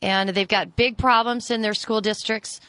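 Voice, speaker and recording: A woman's voice: medium pitch, fairly even intonation, normal speed, sharp tone, no echo. Upbeat woman guest on radio, dry sound. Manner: enthusiastic, chatty, laughs easily. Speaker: radio guest, charity organizer. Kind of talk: casual radio chat.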